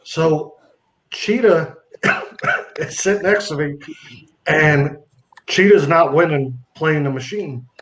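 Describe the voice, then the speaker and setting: Male podcast guest with a slightly high voice, animated storyteller who acts out the dialogue. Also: slow, long pauses, low-quality recording. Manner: animated, acts out other people's lines. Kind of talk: storytelling a comic anecdote.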